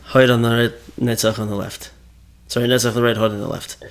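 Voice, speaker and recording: A Torah teacher gives a casual class, talking fast in a mid-range, level voice. He thinks aloud conversationally, with fillers and self-corrections along the way.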